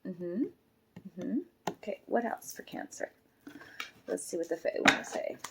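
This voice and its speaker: A woman's voice: fairly low pitch, measured pace, vocal fry, background noise. A woman reading tarot cards for her viewers in a casual, rambling, affectionate way, teary and emotional. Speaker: tarot card reader.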